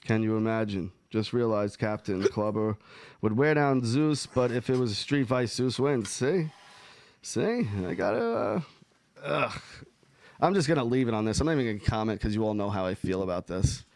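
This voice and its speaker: A man's voice: lowish voice, expressive, normal speed, a little mellow. Profane, emphatic podcast host man. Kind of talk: casual chat.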